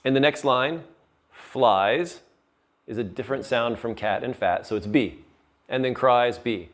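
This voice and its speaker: A man's voice: medium pitch, animated, a little slow. A male teacher giving a lesson on poetry terms, patiently explaining and checking in with his students.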